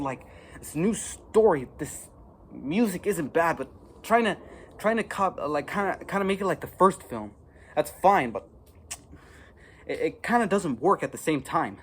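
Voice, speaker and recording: A teenage boy ranting to camera as an amateur movie reviewer, rambling with many fillers and restarts and swinging into loud frustrated outbursts. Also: on the high side, slight background noise. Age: teens. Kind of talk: casual rant to camera.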